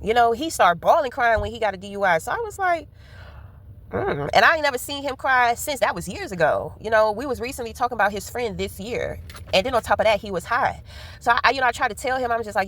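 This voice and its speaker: Inside her car, with road noise in the background, a female vlogger speaks fast in a fairly high, bright voice with lively intonation. Her casual, meandering story is frank and full of swearing.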